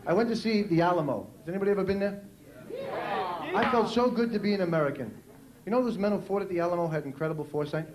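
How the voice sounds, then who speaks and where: A stand-up comic with a New York accent, speaking in a high, punchy voice and dropping in loud shouted character bits. He performs on a club stage, and his voice echoes around the room. Crowd noise stays present behind him. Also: fast. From New York City. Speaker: stand-up comedian. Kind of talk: stand-up comedy routine. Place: comedy club stage with a laughing audience.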